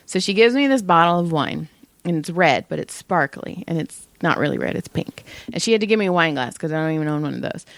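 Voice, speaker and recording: A woman co-hosting a podcast, chatting casually and telling profane, animated stories. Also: deep voice, fast talker, no room sound. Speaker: podcast co-host. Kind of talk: casual chat.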